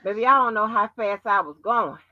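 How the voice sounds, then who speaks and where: A woman's voice: mid-range voice, fairly quick, no echo. A woman hosting a casual livestream chat, out of breath and exclaiming to the Lord. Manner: exclamatory, calls on the Lord, chatty. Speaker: host. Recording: dull lo-fi stream audio.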